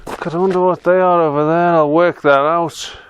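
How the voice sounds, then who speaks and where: A man's voice: fairly high pitch, fairly even intonation, moderate pace. A man with a Yorkshire accent chatting casually as he walks across windy open moorland, self-mocking and laughing often. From Yorkshire, England. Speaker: walking guide vlogger. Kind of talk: casual walking commentary.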